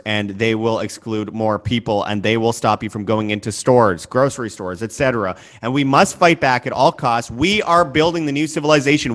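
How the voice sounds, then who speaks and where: A man hosting a talk show, speaking in a forceful, preachy way and swearing at times. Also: on the low side. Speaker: show host. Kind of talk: impassioned commentary.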